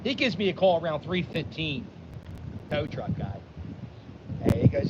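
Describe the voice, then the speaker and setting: A man's voice: a little high, unhurried, pauses often. A man, rambling self-deprecatingly through a vlog story outdoors. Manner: animated, self-deprecating, rambling with many restarts. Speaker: vlogger. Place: outdoors on a windy day. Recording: dull audio with wind noise.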